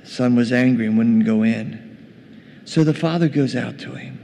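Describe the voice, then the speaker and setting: A man's voice: mid-range voice, moderate pace, creaky, warm tone. Conversational male preacher in a reverberant church. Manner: conversational, addresses the congregation as gang. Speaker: pastor. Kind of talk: sermon. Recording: long reverb, faint noise.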